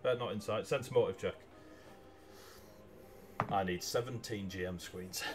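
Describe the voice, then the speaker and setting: A man runs a tabletop role-playing session over a video call, his voice sitting on the low side. He narrates loosely, filling gaps with ums and uhs and the odd chuckle. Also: measured pace, music in the background. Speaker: game master. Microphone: video call mic.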